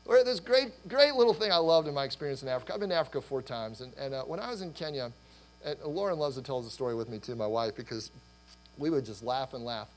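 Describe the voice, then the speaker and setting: A middle-aged man preaching a sermon, animated and rambling, with restarts and laughter, his voice going hoarse. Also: medium pitch, fast talker, a little hiss or hum, low-quality recording. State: losing his voice. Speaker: pastor.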